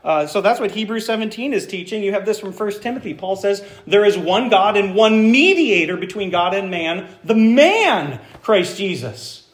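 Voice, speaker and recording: High-voiced pastor preaching in an echoey hall. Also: male voice, very animated, moderate pace, hardly any pauses. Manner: engaging, asks the congregation questions. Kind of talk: sermon. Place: church sanctuary. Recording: echoey room.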